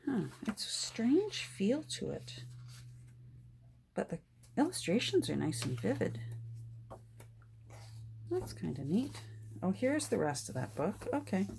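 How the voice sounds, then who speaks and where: A woman's voice: medium pitch, very animated, slow, gravelly, pauses often, a little hiss or hum. An older woman showing off thrift finds in a casual, delighted way, sometimes dropping to whispers. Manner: delighted, often drops to soft whispers and gasps. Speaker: vlogger showing a thrift haul. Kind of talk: casual show-and-tell.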